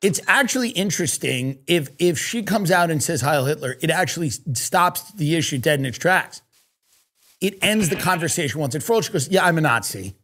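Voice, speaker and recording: A man's voice: a little high, expressive, a little fast, sharp tone. Rambling profane male comic. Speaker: comedy podcast host. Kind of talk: comedic monologue.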